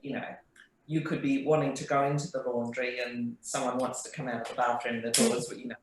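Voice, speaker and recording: A woman chatting casually as a podcast co-host, with relaxed, wry asides. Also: very deep voice, a little fast. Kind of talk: casual group chat. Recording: very echoey room.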